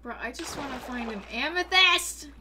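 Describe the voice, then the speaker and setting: A young woman livestreaming a game in casual chat, excitable and prone to gasping and squealing at what she finds. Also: high-pitched, normal speed, a little hiss or hum. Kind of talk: casual gaming stream chat.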